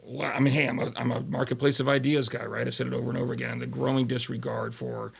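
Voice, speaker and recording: A man's voice: mid-range voice, level tone, fast talker, gravelly, slightly rough. A man hosting a casual panel talk, thinking aloud with frequent restarts. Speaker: talk show host.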